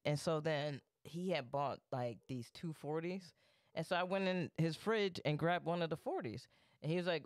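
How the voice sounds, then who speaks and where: A man's voice: on the high side, moderate pace, no room sound, studio quality. A young man co-hosting a podcast, telling a story animatedly, swearing freely and acting out what people said. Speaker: podcast co-host. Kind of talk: casual storytelling chat.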